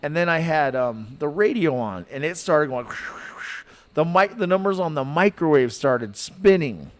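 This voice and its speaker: A man spins a long story for a podcast, his voice sitting a little high for a man. He rambles and fills gaps with likes and ums, acting out the other people in the story as he goes. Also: moderate pace. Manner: animated, rambling, lots of likes and fillers. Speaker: podcast guest telling a story. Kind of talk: casual storytelling.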